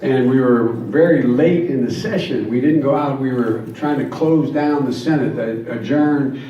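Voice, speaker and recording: A man's voice: mid-range voice, unhurried, warm tone, dull audio. A man in his seventies giving a campaign speech at a rally, telling folksy stories with jokes and earnest emphasis. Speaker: guest speaker at a campaign rally. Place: large convention hall. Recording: echoey hall, distant mic, faint noise.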